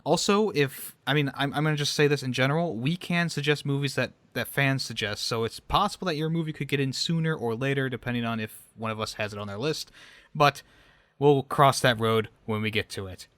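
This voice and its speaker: A man's voice: mid-range voice, a little fast, fairly bright tone, dry recording. Chatty man hosting a podcast, dry sound. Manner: chatty, loose, self-correcting. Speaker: podcast host. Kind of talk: casual podcast chat.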